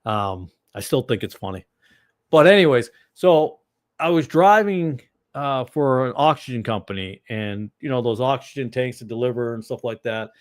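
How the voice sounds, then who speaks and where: Male ministry host with a Boston accent, middle-range voice, dry close sound, digressive chat style that flares up loudly. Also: mid-range voice, animated, moderate pace, no room sound. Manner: rambling and digressive, with sudden loud outbursts. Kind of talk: casual livestream chat answering viewers.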